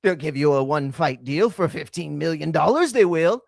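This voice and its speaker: A man's voice: on the high side, lively intonation, moderate pace, vocal fry, no echo, studio quality. A man voicing a scheming middle-aged British boxing promoter, in an exaggerated mock British accent full of slang. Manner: exaggerated cockney slang, sly persuading.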